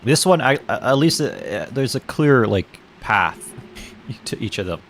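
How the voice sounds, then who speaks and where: A man's voice: medium pitch, very animated, takes it slowly, fairly bright tone, faint music behind. A young man streaming a game, chatting casually in a rambling way, laughing, swearing and restarting his sentences. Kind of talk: casual gaming stream commentary.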